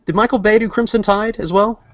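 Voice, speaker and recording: A man's voice: high-pitched, steady tone, a little fast, over a noisy crowd. A man co-hosting a casual podcast, joking and teasing his friends, rambling with lots of fillers. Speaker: podcast co-host. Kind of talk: casual banter among friends. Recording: dull lo-fi sound, dry.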